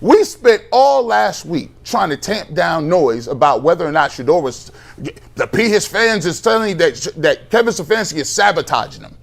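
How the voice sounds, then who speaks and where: A man on a sports talk show, venting with heated exasperation and plenty of slang. His voice sits a little higher than most men's. He sounds animated and fired up, pressing his point hard. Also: normal speed, creaky.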